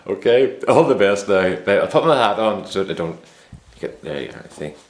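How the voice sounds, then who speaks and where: This vlogger, a man in his 50s with a lowish, sing-song voice, talks at normal speed as he rambles through a self-mocking story to camera. His manner is easygoing, the vlog is casual, and the room echoes noticeably.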